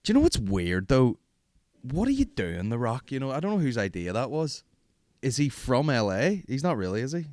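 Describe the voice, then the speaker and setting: A man's voice: medium pitch, big pitch swings, moderate pace, darkish tone, no room sound, studio quality. A man, hosting a podcast in rambling, profane, jokey casual chat. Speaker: podcast host.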